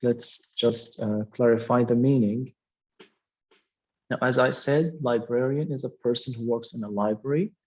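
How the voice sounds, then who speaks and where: Man, English teacher, patient, repetitive, mid-pitched voice, dull lo-fi recording. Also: a little mellow. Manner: patient, repeats key words, many "okay" fillers. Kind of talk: classroom explanation.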